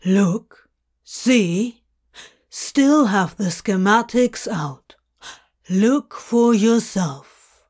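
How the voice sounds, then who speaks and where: A woman reading a fanfic audiobook, voicing an indignant, gloating male demon clerk who speaks slowly. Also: mid-range voice, animated, darkish tone. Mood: smug. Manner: slow, huffy, smug.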